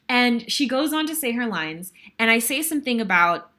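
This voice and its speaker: A woman's voice: a little high, expressive, moderate pace, few pauses, bright, forceful tone. A woman in her thirties, a guest host, telling a stage story with lots of emotion and some sighs. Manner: emotional, breathless retelling with sighs. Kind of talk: animated storytelling.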